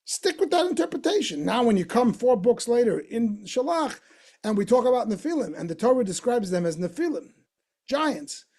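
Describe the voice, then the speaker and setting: A rabbi teaches a Torah text class in a very high voice that is gravelly, husky and darkish in tone. He explains a passage by posing questions and repeating points for emphasis.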